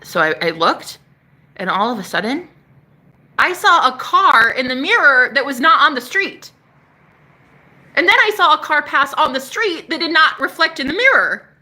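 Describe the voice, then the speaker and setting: A woman telling a story casually on a vlog, excitable and profane, talking outdoors on a porch. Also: high voice, normal speed. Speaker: spiritual vlogger.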